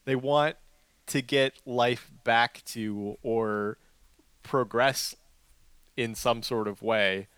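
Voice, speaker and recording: A man's voice: mid-range voice, steady tone, drawn-out words, fairly bright tone, smooth, no echo. A man co-hosting a casual movie podcast, easygoing and thinking aloud. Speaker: podcast co-host.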